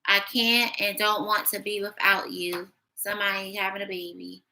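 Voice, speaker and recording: Gravelly bright-voiced woman reading tarot. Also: medium pitch, level tone, moderate pace, poor audio. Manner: blunt, sassy, thinking aloud. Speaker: tarot reader. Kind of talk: casual tarot reading monologue.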